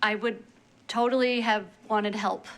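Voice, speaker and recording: A woman's voice: medium pitch, steady tone, unhurried, a bit bright. Sympathetic woman on a commission.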